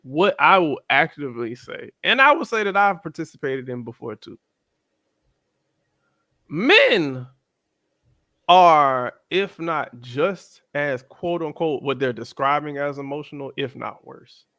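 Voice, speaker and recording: A man in his thirties co-hosting a podcast, speaking in an animated, slangy chat. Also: unhurried, no echo, studio quality. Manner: animated, slangy, jumps into high-pitched voices when quoting others. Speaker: podcast co-host. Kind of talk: casual chat.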